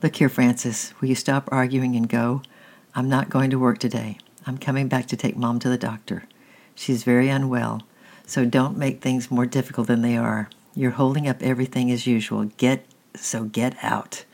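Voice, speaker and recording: A worn-out storybook father, short and clipped with his son, pressed for time and holding his temper only just, as the narrator puts him on. His words come in quick, blunt bursts. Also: medium pitch, level tone, creaky, a little mellow. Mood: impatient, stern. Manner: brusque and clipped. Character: harried father, stern and impatient.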